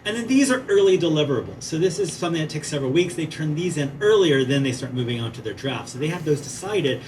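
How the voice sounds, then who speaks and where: A man gives a conference talk in a museum theater, talking in an animated, conversational way and tossing in "right?" to check in with the crowd. His voice sits a touch high, picked up from a distance with faint room ambience behind it. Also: a little hiss or hum. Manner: animated, asks "right?" often, chatty asides. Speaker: conference presenter and playwriting teacher.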